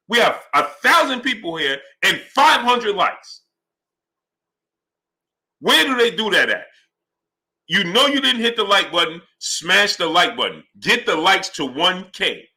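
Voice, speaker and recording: This boxing livestream host speaks a little slowly in a high voice, arguing with animated heat. Along the way, he greets viewers by their chat names.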